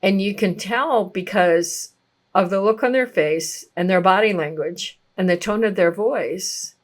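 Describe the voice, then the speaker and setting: An older woman giving a thoughtful teaching talk on listening, speaking with gentle emphasis. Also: mid-range voice, unhurried. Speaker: relationship teacher.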